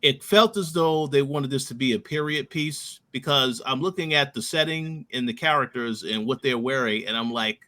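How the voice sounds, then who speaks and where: A man's voice: mid-range voice, bright, forceful tone. A man co-hosting a podcast, laying out his criticism point by point in casual chat. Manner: deliberate, lays out points in order. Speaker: podcast co-host.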